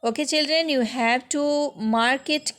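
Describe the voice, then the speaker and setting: A woman's voice: sits high, unhurried, fairly bright tone. A woman school teacher with an Indian English accent, going through a lesson for young children patiently and step by step, often checking with "okay?".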